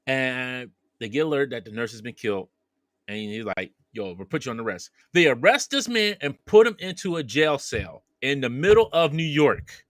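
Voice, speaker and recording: A man's voice: medium pitch, animated, normal speed, no echo. A man casually retelling a movie plot as a podcast co-host, acting out the characters' lines as he goes.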